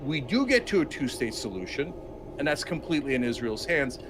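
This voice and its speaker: A man's voice: mid-range voice, sing-song, brisk, a crowd in the background. A man giving impassioned political commentary, emphatic and indignant, with mocking mimicry of opponents.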